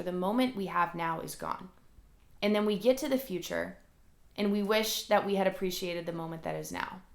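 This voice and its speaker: A podcast host with a medium-pitched, creaky voice records a solo motivational episode from her room at home, and the sound is roomy. She talks earnestly and rambles, dropping "like" often, with the audio captured alongside a camera.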